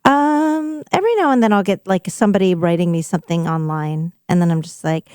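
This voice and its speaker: A woman's voice: lowish voice, brisk, a little mellow, dry recording, studio quality. A woman who is a musician and podcaster, guesting on a radio show and playing along with easy, giggly answers. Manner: easygoing, giggly, plays along. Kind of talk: casual live radio interview.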